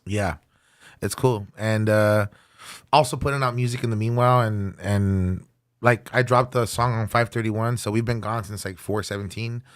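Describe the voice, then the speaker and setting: A man's voice: fairly low pitch, fairly even intonation. A man in his thirties, a guest musician telling road stories in casual, slangy podcast chat. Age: 30s. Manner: slangy, rapid storytelling.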